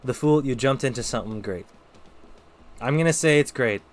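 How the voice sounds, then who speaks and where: A man's voice: medium pitch, moderate pace. A man streaming live, giving casual tarot readings and chatting with viewers, thinking aloud with lots of fillers. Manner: talks to chat between readings.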